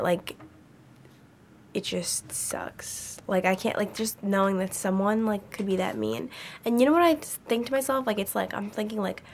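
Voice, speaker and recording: A woman's voice: mid-range voice, a little hiss or hum. A young adult woman vlogging from her dorm bedroom, telling a story in a chatty, rambling way full of "like". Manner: chatty, rambling, heavy use of "like". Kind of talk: casual storytime chat.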